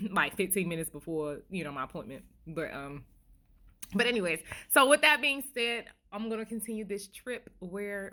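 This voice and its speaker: A woman's voice: medium pitch, bright, forceful tone. A woman vlogger telling a funny story casually to the camera, laughing often, recorded on a handheld phone.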